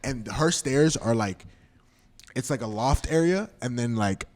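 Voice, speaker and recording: A man casually telling a long, animated story to friends on a podcast, swearing often and acting out the quotes. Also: medium pitch, a little slow. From Florida. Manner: animated, slangy, swears a lot, acts out quotes. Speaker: podcast host.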